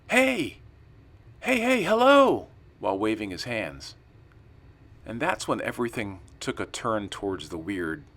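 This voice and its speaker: Male narrator, low-pitched, calm scripted storytelling with acted-out dialogue. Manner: calm storytelling, acts out quoted lines.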